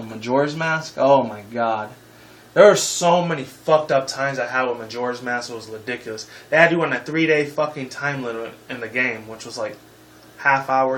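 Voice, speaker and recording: A man's voice: mid-range voice, a bit bright, slight background noise, low-quality recording. A man in his twenties hosting a casual game-review video, rambling and heated, with frequent swearing. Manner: casual sign-off slang. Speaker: gaming video host.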